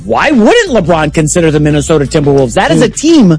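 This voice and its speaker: Chatty sports co-host, higher voice. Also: male voice, soft background music. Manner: chatty, animated, quick asides. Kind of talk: casual sports talk.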